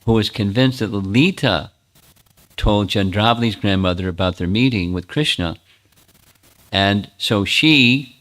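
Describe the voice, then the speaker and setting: A man, a spiritual teacher, retelling a sacred story in a sermon, animated with small restarts. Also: lowish voice.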